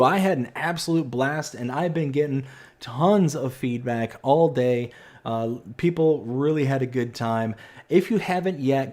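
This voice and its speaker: A man in his thirties streaming a farming game live, chatting excitably and reading viewer messages aloud. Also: fairly high pitch. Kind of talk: live stream chat while playing.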